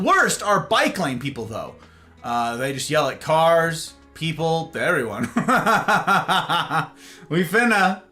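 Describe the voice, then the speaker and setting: A man's voice: fairly high pitch, big pitch swings, a little slow, sharp tone, soft background music. A man streaming live, reading out his chat and joking with viewers in a rambling, casual way. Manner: rambling, jokey banter with viewers.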